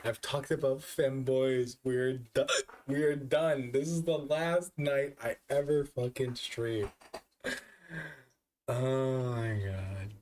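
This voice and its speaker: A man's voice: medium pitch, fairly even intonation, takes it slowly, darkish tone, distant mic, slight background noise. Drunk, hiccuping man streaming. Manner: swears a lot, laughs at himself. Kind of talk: casual live-stream chat.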